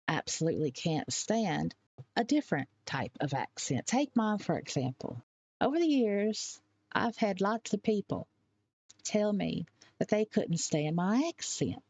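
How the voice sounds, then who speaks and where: A woman giving blunt, opinionated commentary and stressing her points hard, with sharp rises on key words. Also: mid-range voice, no room sound. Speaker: commentary vlogger.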